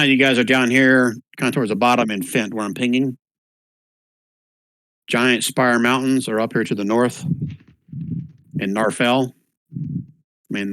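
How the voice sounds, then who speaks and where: Running a one-shot tabletop game online as GM, a relaxed man uses plenty of fillers and spells out names along the way. His medium-pitched voice is a bit bright, captured on a voice chat microphone in a rough recording without echo.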